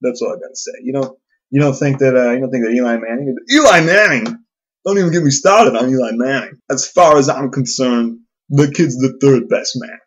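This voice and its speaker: A man's voice: a little high, lively intonation, moderate pace, darkish tone, pitched above the performer's own voice. A man voicing a brash, boastful male sports-fan buddy who gets worked up and repeats himself for emphasis.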